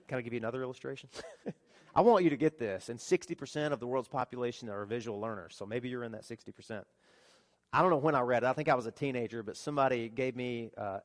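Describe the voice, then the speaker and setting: A pastor preaching a sermon, telling stories with lively rhetorical questions to his congregation. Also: medium pitch.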